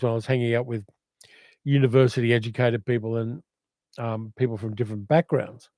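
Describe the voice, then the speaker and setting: Older Australian man, dark mellow voice. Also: medium pitch, dry recording. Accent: educated Australian. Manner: reflective, rambling, reads comments aloud. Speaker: livestream host. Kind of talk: casual livestream chat reading viewer comments.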